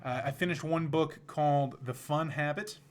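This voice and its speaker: A man hosting a podcast, telling a story casually in a relaxed, rambling way with frequent restarts. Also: a little high, moderate pace. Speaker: podcast host.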